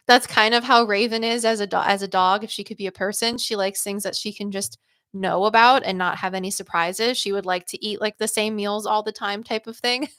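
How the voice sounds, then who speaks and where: Woman, livestream psychic host; casual, upbeat, chatty with many fillers; mid pitch, dry sound. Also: steady tone, a little fast, a bit bright, clean tone, dry recording. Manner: chatty, rambling, full of "like" and "um". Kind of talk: livestream readings chat.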